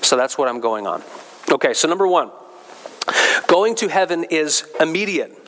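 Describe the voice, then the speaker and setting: A man's voice: a little high, big pitch swings, moderate pace, a bit bright, slight background noise, poor audio. A male pastor giving a conversational sermon, repeating key phrases for emphasis.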